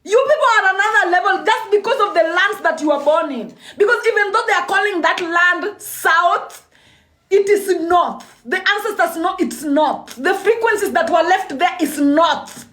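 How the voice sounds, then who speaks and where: Very high-voiced woman preaching. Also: expressive, moderate pace, fairly bright tone. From East Africa. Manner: emphatic, repeats lines, laughs often. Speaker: spiritual speaker. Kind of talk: impassioned spoken address. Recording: roomy echo.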